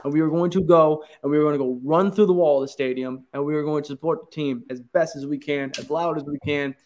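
A man hosting a casual sports podcast who swings into a loud, hyped pep-rally rant. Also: on the high side, steady tone, quick pace. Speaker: podcast host.

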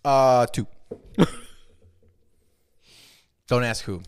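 A young man co-hosting a podcast, talking in crude, rowdy banter and laughing and shouting often. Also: mid-range voice, drawn-out words, smooth. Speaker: podcast co-host.

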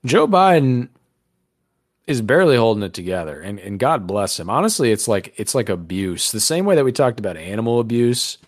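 A man's voice: mid-range voice, very animated, brisk, dry recording, clean studio sound. A man hosting a podcast in casual chat, crude, rambling and joking. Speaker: podcast host.

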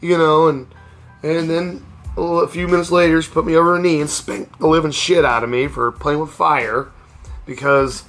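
Over soft background music, a middle-aged man hosts a casual storytelling podcast in a slightly high, somewhat bright voice, keeping a steady tone and moderate pace. He speaks candidly, rambles, and restarts frequently.

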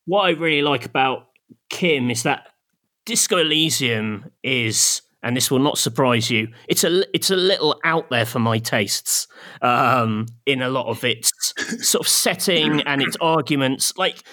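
A man in easygoing conversation with friends, his voice bright and forward. He rambles through half-remembered stories, often breaking into laughter at himself. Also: medium pitch, animated, a little slow. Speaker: podcast co-host. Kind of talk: casual chat.

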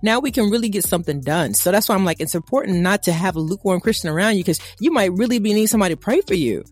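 A woman, co-hosting a casual faith talk and preaching in an animated, conversational way. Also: medium pitch, rapid-fire, husky, no room sound. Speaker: podcast co-host.

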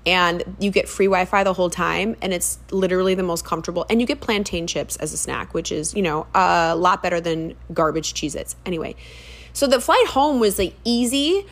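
A woman's voice: on the low side, brisk. Chatty woman podcaster full of asides. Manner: chatty, animated, with frequent ums and asides. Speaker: podcast host. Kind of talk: casual solo podcast chat.

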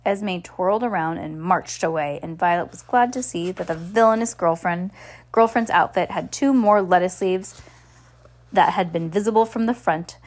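A woman's voice: fairly low pitch, moderate pace, darkish tone. A woman reading a children's novel aloud, plainly, with frequent slips and restarts. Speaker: audiobook reader.

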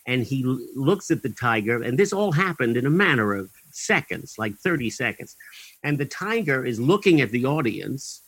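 A man's voice: medium pitch, sing-song, moderate pace, a bit bright, husky, no echo, low-quality recording. A man being interviewed as an actor, telling long anecdotes in a wry, chatty way with dry comic timing, many fillers and restarts. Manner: dry comic timing, chuckling at his own punchlines. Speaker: actor guest.

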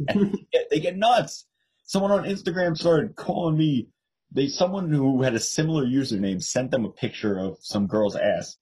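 A young man, talking casually on a podcast. His voice is a little husky and rough. He tells stories in an animated way and jumps up in pitch when he mimics the people he argues with. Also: normal speed, rough recording. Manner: animated storyteller, mimics others in raised voice. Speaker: podcast co-host. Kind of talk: casual political chat.

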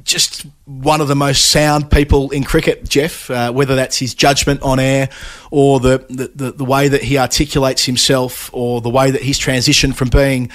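A man's voice: medium pitch, little pitch movement, normal speed. An Australian man with a Melbourne accent co-hosting a podcast in casual, rambling chat. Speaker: podcast co-host.

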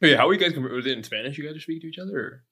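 A man's voice: on the high side, lively intonation, pushed and bright, husky. A man co-hosting a podcast, chiming in with curious questions. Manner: curious, asks quick questions. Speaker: podcast co-host. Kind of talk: casual chat.

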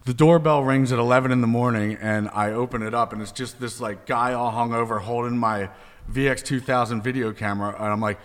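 A man's voice: medium pitch, a little fast. A man telling wild stories in a casual chat, laughing and acting out the people he quotes. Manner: laughing, animated, acts out quoted voices. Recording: hall reverb.

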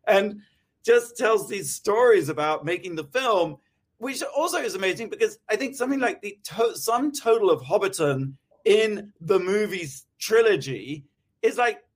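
A man's voice: high voice, animated, moderate pace. A man co-hosting a talk show, speaking in a wry, casual way and swearing offhandedly. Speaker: co-host. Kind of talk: casual chat.

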